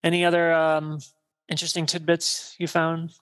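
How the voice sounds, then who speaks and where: Bright, effusive man chatting about movies. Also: on the high side, completely flat delivery, normal speed, clean tone. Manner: effusive and gossipy, lots of "like". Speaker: podcast co-host. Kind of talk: casual movie podcast chat.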